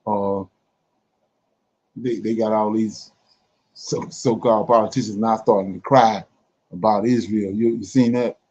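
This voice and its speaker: A man with a low, dark, husky voice argues his points in a casual, emphatic, vernacular way. The audio is dull and lo-fi. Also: steady tone, unhurried, long pauses. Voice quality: informal, emphatic, vernacular speech. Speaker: co-host of a Bible study discussion. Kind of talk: casual discussion.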